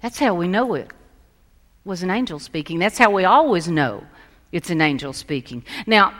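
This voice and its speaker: A woman pastor preaching a sermon, telling stories and moving between lively emphasis and hushed soft passages. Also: mid-range voice. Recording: long reverb of a large hall.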